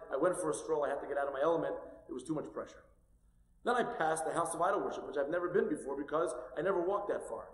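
A man voicing a desperate middle-aged Jewish man confessing to a theft, speaking low and earnestly in an echoey hall. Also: lightly acted.

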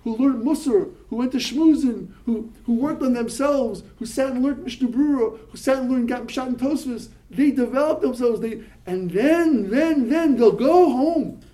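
A male rabbi with a very high voice gives an animated talk to yeshiva students at a moderate pace with few pauses, captured on a low-quality recording. He tells stories, mixes Hebrew and Yiddish words into his English, and repeats words when he gets excited.

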